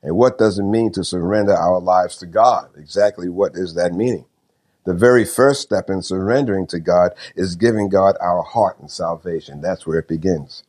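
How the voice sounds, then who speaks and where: A very deep-voiced male pastor delivers a solo sermon and prayer, speaking as if to unseen listeners. His manner is folksy and unhurried, repeating phrases and leaning on small fillers as he tells a homely story. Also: a little mellow.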